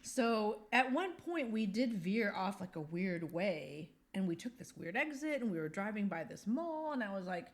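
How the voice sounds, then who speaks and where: A woman in her fifties co-hosts a casual podcast, telling stories with animated energy. She slips into the voices of the people she describes as she goes. Her voice sits at an ordinary mid pitch for a woman. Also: moderate pace, hardly any pauses. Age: 50s. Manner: animated storyteller, acts out voices in her anecdotes. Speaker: podcast co-host. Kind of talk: casual chat.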